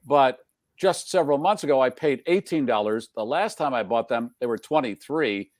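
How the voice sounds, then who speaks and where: A man's voice: mid-range voice, expressive, normal speed, darkish tone, no room sound. Male host, jokey rambling chatter, dry close studio sound. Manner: jokey, rambling, laughs often. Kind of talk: casual chat.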